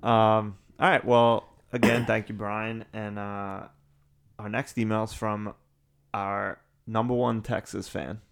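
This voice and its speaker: A man's voice: lowish voice, flat delivery, takes it slowly, gravelly, clean tone. A man co-hosting a casual podcast, rambling through chat and listener emails with lots of fillers. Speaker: podcast co-host.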